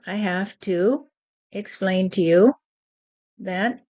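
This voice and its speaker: A woman giving a channeled spiritual teaching, speaking deliberately and often adding "you see.". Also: mid-range voice, a little mellow, muffled recording.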